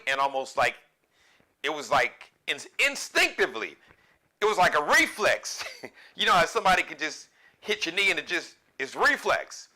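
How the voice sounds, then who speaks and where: Bright-voiced, chatty male host. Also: on the high side. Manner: chatty, joking, digressive, animated bursts. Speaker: show host. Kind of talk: casual live-show monologue.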